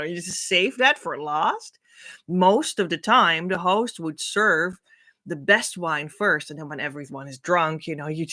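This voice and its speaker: A woman giving a heartfelt spiritual talk, earnest and rambling, often breaking into soft laughter. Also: low-pitched. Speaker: spiritual teacher.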